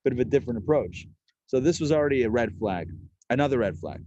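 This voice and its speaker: A rabbi leads a live Torah class, talking in an easygoing, lively way and slipping into the voices of the people he quotes. His voice sits at an ordinary male pitch. The sound is dry and close, with no room echo. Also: fast, muffled recording. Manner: lively and chatty, acting out the quoted characters.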